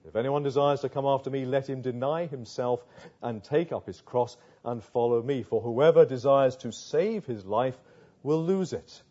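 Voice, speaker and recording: Brief: male preacher, dark husky voice, earnest sermon delivery. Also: medium pitch, moderate pace. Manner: earnest, rhetorical questions, builds to emphatic passages. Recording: muffled lo-fi sound.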